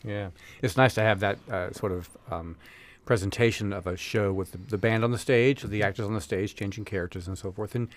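A man's voice: lowish voice, steady tone, brisk. A man hosting a radio interview, asking long conversational questions. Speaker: radio host.

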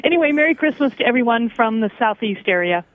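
Phone caller, female, brisk and cheerful, thin phone-line audio. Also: a little high, expressive, no echo. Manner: cheerful, lists names briskly. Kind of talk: call-in greetings.

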